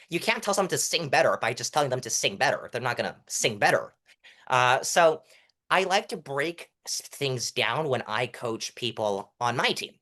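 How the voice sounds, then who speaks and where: A young man with a stuffy nose explaining public speaking technique as an interview guest, demonstrating changes in loudness and pitch as he goes. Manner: self-admitted fast talker. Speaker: interview guest, mock trial coach.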